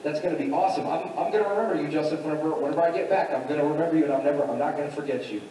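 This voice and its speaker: A man voicing an excited, eager prisoner in tumbling words, recorded from a distance in an echoey church hall. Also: fairly high pitch, racing, a little hiss or hum, close to an everyday voice.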